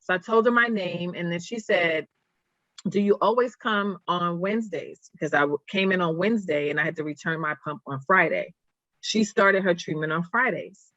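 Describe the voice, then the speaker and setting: A woman guest on a podcast, telling a personal story in an earnest, halting way that turns emotional. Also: fairly low pitch, fairly bright tone, no echo, lo-fi sound. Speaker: guest, nonprofit founder.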